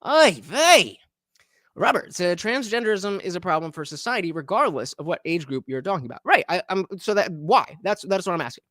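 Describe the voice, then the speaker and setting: Sarcastic male streamer, lively dry voice. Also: high voice, a little fast, no echo. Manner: sarcastic, mocking; swings from loud outbursts to mumbling. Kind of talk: live-stream chat reading and reaction.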